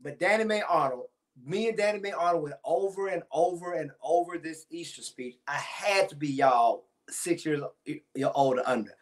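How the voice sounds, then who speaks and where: A man's voice: a little high, normal speed. A man, chatting to viewers on a church livestream and telling a childhood story. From Timpson, Texas. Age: 40s. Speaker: pastor. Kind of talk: casual livestream talk to viewers.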